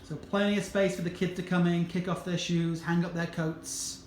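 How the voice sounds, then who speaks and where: A man's voice: sits high, level tone, moderate pace. A man working as a realtor, chatting casually as he walks through a show home and points out its features. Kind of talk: casual walkthrough home tour. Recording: echoey empty rooms, faint background noise.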